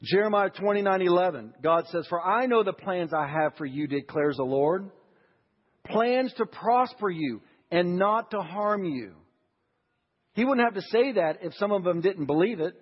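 A man's voice: sits high, animated, moderate pace, breathy edge. A man preaching a sermon in a church. He asks the congregation questions and builds to emphatic lines. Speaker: pastor. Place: church sanctuary. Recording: dull audio with long church reverb.

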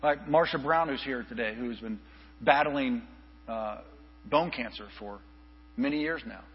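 A male pastor telling an animated story in a sermon, acting out the people he quotes. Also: medium pitch, measured pace, slightly rough. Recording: reverberant hall, dull lo-fi with mains hum.

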